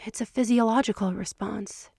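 A woman voicing a skeptical female scientist who argues softly but firmly for science, breathless at times. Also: medium pitch, normal speed, no echo, studio quality, natural voice.

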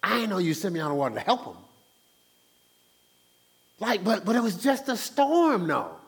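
A man's voice: sits high, big pitch swings, normal speed. A man voicing Jesus in a sermon retelling, musing aloud to God in a casual, exasperated way. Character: weary adult male Jesus musing to God.

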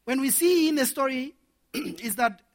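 A man preaching a sermon to men, animated and laughing as he acts out little scenes. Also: very high voice, measured pace.

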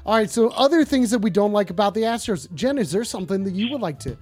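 A man's voice: high-pitched, expressive, quick pace, a little mellow, faint music behind. A man hosting a casual call-in stream, rambling and joking with lots of swearing. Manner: profane, rambling, jokey. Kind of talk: casual crude call-in show.

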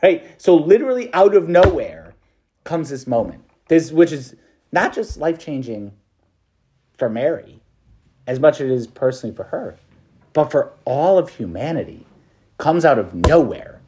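A man's voice: fairly high pitch, big pitch swings, moderate pace, background noise. A male priest preaching a meditation to students in a casual, chatty way, with slang and laughter.

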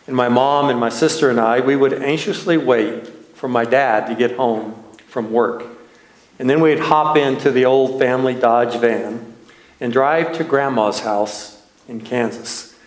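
With a mid-range voice and poor audio, a minister from Texas preaches by slowly recounting a fond childhood memory. Gentle laughter runs through it, and the room has a noticeable echo.

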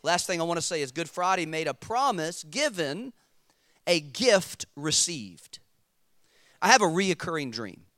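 A man preaching a sermon as pastor, animated and emphatic, acting out his stories. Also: on the high side, a little slow, no echo, studio quality.

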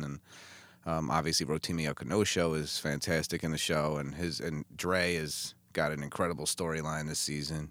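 A man with a very low, deep voice talks easily as an interview guest, often trailing off into fillers. He sounds middle-aged and unhurried. The recording is close and dry, with no room sound. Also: a bit bright, dry recording. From Chicago. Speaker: actor guest. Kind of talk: casual interview chat.

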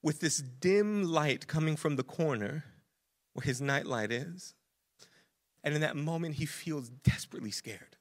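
A young adult man preaching a sermon as pastor, animated and casual, with slang. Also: on the high side, unhurried.

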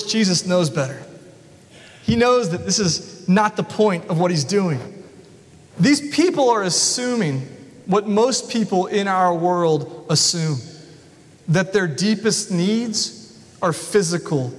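High-voiced preacher in a reverberant hall. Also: male voice, unhurried. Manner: storytelling, animated, acts out voices. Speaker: pastor. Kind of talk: sermon. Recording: long reverb of a large hall.

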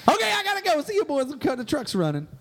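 A man's voice: extremely high pitch, wildly swooping pitch, quick pace, a loud crowd, voice pushed up, full character voice. A man voicing a grizzled Southern fisherman and scheming entrepreneur with a drawling, self-important manner, in a comedy podcast sketch. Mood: shifty.

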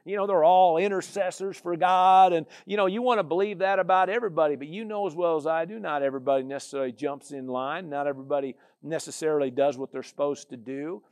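A man's voice: on the high side, steady tone, fast, few pauses, darkish tone. A man preaching a sermon as a pastor, with a conversational style full of "you know" and "amen".

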